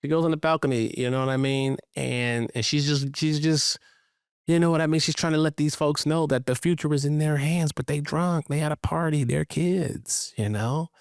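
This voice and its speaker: A man co-hosting a podcast, casually recapping a sitcom episode in a relaxed conversational way. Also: fairly high pitch, normal speed, smooth, dry recording, studio quality. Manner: relaxed, conversational, slips into quoted voices. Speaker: podcast co-host.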